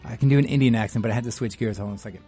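A man's voice: mid-range voice, racing, husky, soft background music. A man hosting a live radio talk show, chatty and jokey, reading a piece aloud and interviewing a guest. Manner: chatty, jokey, animated asides.

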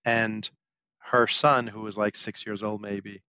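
A man in his fifties with a bright, sharp-edged voice chats on a podcast and tells lively anecdotes. The sound is dry and close, with a dull lo-fi mic quality. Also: fairly low pitch, takes it slowly, smooth, no echo. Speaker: podcast co-host. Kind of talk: casual podcast chat.

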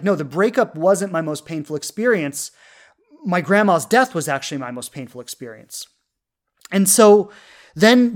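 A woman in her thirties, a love coach, telling a personal story in an earnest, heartfelt way, full of fillers and restarts. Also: lowish voice. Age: 30s.

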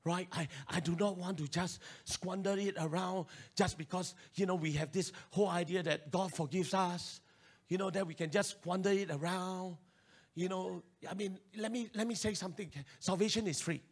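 A male pastor with a Singaporean English accent, preaching an animated sermon and urging his listeners to respond. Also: sits high, moderate pace, slightly rough.

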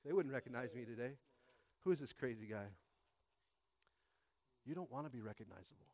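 A pastor in his late thirties preaching a sermon, emphatic, swinging from quiet to loud and repeating phrases. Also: medium pitch, lively intonation, brisk.

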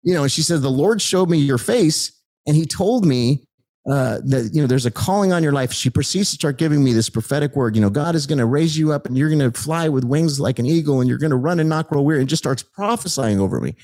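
A middle-aged man telling his life story as a guest in an animated, excited way, acting out the people he met. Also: fairly high pitch, quick pace.

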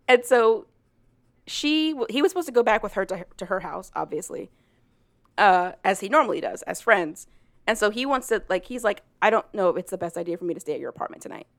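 A woman's voice: medium pitch, fairly quick, dry recording, clean studio sound. Chatty woman laughing through a retelling. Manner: animated, laughs often, full of "like". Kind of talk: casual chat retelling a story.

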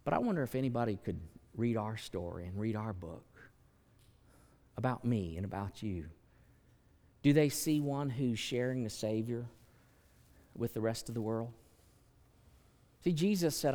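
Pastor preaching in a reverberant hall. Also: male voice, lively intonation, unhurried, pauses often, warm tone. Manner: conversational preaching with folksy asides and sudden rises in pitch. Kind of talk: sermon. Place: church sanctuary. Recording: long church hall reverb.

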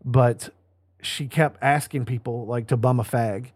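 A man's voice: medium pitch, measured pace, no echo. A man co-hosting a podcast, telling crude stories in casual banter and acting out the people he quotes. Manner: animated storyteller, acts out quotes. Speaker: podcast co-host.

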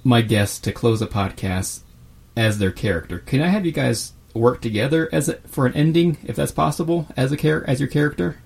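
A man's voice: mid-range voice, a little fast, creaky, a little mellow. A man hosting a podcast, gracious and enthusiastic toward his guests. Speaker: podcast host. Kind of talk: interview talk.

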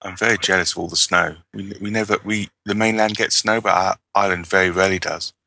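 A man co-hosting a podcast, relaxed and chatty, clearing his throat now and then. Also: low voice, fast, no room sound. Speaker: podcast co-host. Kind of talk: casual chat. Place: home on a small island.

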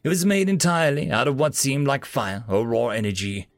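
A man narrating a story in the first person in an expressive, dramatic way. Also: mid-range voice, a little fast, no echo, studio quality. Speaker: audiobook narrator.

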